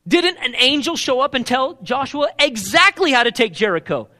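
A man's voice: very high-pitched, moderate pace. A man preaching a sermon, asking the congregation questions and acting out the lines he quotes. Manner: animated, asks the crowd questions, acts out quoted lines.

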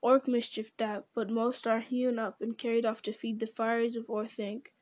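A woman voicing an ancient, slow and grave male tree-giant in a storybook reading, speaking in a solemn, deliberate way. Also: a little high, little pitch movement, a little mellow, lightly acted.

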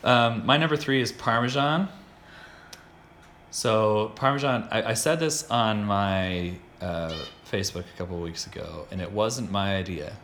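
A low-voiced American man hosts a relaxed chat and rambles with enthusiasm, doubling back and restarting his sentences. A faint hiss sits under the recording. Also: measured pace. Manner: rambling, self-interrupting, enthusiastic. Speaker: podcast host. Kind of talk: casual chat.

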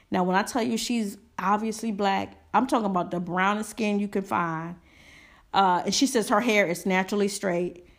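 A woman hosts a casual commentary podcast in a sassy, emphatic way. She is chatty and candid, restarts her sentences often and drifts into asides as she thinks out loud. Her voice sits at an ordinary middle pitch for a woman. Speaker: podcast host.

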